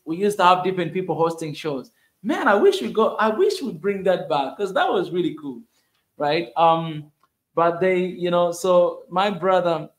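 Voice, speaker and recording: Lively man hosting a livestream. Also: a little high, roomy sound. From Africa. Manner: excitable, shouts out to viewers, repeats himself. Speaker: livestream host. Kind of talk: casual livestream chat.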